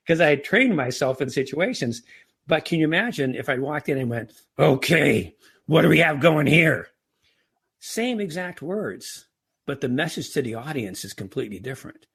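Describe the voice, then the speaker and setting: Middle-aged guy on a podcast, kinda husky, keeps tripping and restarting his words. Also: medium pitch. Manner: frequent restarts and stammered repeats. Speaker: podcast guest, author. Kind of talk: casual interview talk.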